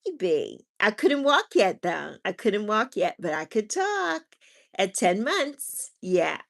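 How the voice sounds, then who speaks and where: A woman's voice: medium pitch, very animated, slow, creaky. A woman hosting a livestream in casual chat, who reads viewer comments aloud and laughs often. She is a mother. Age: adult with a child. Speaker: livestream host.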